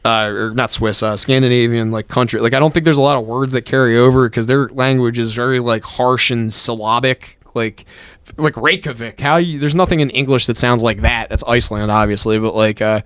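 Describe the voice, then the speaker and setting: A man's voice: medium pitch, steady tone, fairly quick, a bit bright, clean tone, no echo, clean studio sound. A man co-hosting a casual podcast, talking in a rambling, profane way full of fillers. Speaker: podcast co-host.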